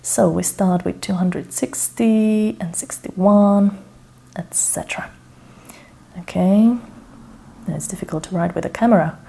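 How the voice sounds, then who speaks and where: A woman's voice: medium pitch, dark tone. Woman murmuring through a study session. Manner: self-checking, hesitant, muttering under her breath. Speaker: language learner demonstrating a method. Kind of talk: casual think-aloud tutorial. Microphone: camera over her shoulder.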